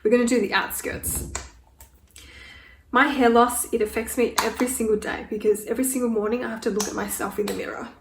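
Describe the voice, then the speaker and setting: This woman, a beauty vlogger in her twenties, answers questions while getting ready and putting on makeup; she's candid and emotional, tearful at moments. Her voice is on the high side and brisk, heard from afar in an echoey space with faint noise.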